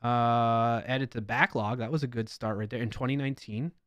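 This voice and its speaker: A man's voice: medium pitch, fairly even intonation, moderate pace, a bit bright, dry recording, muffled recording. Chatty New York man live-streaming. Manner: chatty, reads comments with playful emphasis and laughs. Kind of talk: casual live-stream commentary reading comments aloud.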